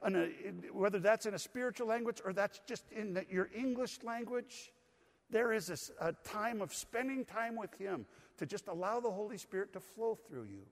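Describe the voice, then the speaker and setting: Older guy preaching in a church, high voice, folksy and chatty, big hall echo. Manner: conversational, folksy preaching with humor. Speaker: pastor. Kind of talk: sermon. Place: church sanctuary.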